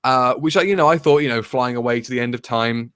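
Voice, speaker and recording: A man's voice: mid-range voice, fast talker, a bit bright, smooth. A man co-hosting a casual review chat, ranting in an exasperated, sarcastic way. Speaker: co-host.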